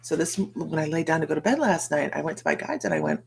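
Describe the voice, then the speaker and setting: Low gravelly woman chatting on a livestream. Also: wildly swooping pitch, fast talker. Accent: American. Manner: chatty, rambling, greets viewers by name. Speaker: psychic livestream host. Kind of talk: casual livestream chat.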